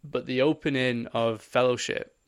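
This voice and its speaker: A young man co-hosting a podcast, telling an animated story in casual chat and swearing often. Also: medium pitch, moderate pace, clear, resonant tone. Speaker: podcast co-host.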